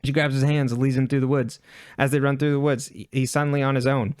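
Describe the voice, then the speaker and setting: A man's voice: medium pitch, flat delivery, smooth, no room sound. A man co-hosting a chatty podcast, walking through a show's plot with wry asides and the odd chuckle. His voice sits in a middle range, and the recording is dry and close with no room sound. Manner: recaps the plot with quick offhand asides and chuckles. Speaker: podcast co-host. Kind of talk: casual recap chat.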